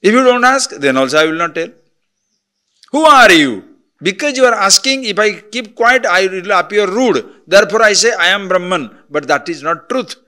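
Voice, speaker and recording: A man teaches scripture in a spiritual discourse. His voice sits a little high and sounds forceful and bright. He moves between emphatic points and quiet asides, often asking his listeners questions. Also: a little fast, few pauses. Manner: expressive, rhetorical questions, swings from emphatic to soft.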